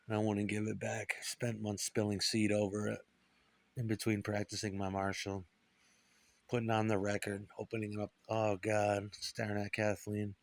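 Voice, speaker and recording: A middle-aged man talking bitterly and profanely in a rambling monologue about guitar and his past. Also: on the low side. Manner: profane, bitter, puts on voices for quoted people.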